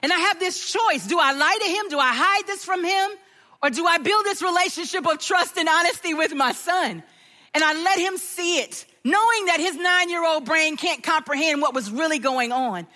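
High, bright-voiced woman preacher. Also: in a large hall. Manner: animated storytelling, acts out the voices of others. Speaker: pastor. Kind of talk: sermon with personal story.

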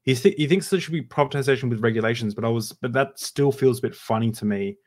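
A man's voice: medium pitch, fast. A man hosting a podcast, asking questions in a thoughtful, hesitant way with frequent restarts. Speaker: podcast host. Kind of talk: casual interview talk.

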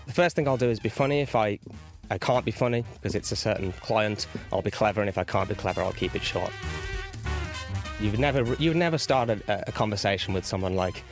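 Fast-talking, jokey male copywriter. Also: on the low side, expressive. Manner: quick, jokey. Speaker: marketing email copywriter. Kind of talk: interview clip. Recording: music playing underneath.

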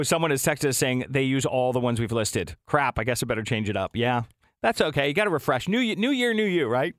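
A man's voice: mid-range voice, a bit bright, dry recording, clean studio sound. A man co-hosting a morning radio show, chatting casually, laughing often and reading out listener texts.

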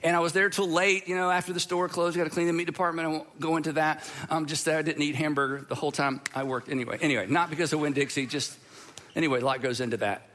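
A middle-aged pastor from Georgia, preaching in a conversational, storytelling way. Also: male voice, fairly high pitch, steady tone, fast talker, fairly bright tone. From Georgia, USA. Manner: conversational storytelling, with repeats and restarts. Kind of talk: sermon.

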